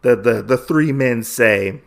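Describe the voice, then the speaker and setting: A man's voice: medium pitch, vocal fry. A man hosting a podcast, recapping a comic book in a casual, rambling way, full of fillers and restarts. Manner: acts out characters' lines in quick voices. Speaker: podcast host.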